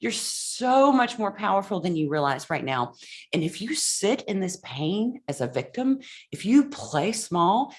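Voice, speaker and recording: Emphatic woman motivational coach. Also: mid-range voice. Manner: blunt, emphatic, swears freely. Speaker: coach and podcast host. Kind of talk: motivational podcast talk.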